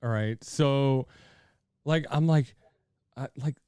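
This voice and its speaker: A man hosting a podcast interview, enthusiastic and halting, with lots of fillers and restarts. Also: medium pitch, darkish tone, clear, resonant tone, dry recording, studio quality. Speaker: podcast host. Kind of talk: casual interview chat.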